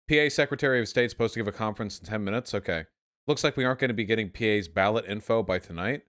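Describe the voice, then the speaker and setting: A young man hosting a livestream, reacting to chat with sarcastic, animated commentary full of swearing. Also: on the low side, rapid-fire. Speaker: livestream host.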